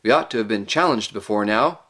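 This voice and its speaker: A man reading aloud and voicing a gruff, sceptical male dwarf who mutters and grumbles. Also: fairly low pitch, lively intonation, fairly quick, a bit bright. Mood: grumbling.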